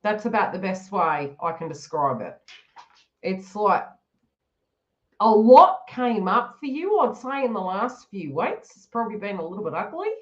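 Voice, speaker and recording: A woman reads tarot on a live stream with a very animated, swooping voice. She chats and giggles, slipping into quoted inner thoughts of the people she reads for. The audio is a bit dull and lo-fi. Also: mid-range voice, moderate pace. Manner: chatty, giggly, acts out the listener's inner thoughts. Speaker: tarot reader. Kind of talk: live-stream psychic reading.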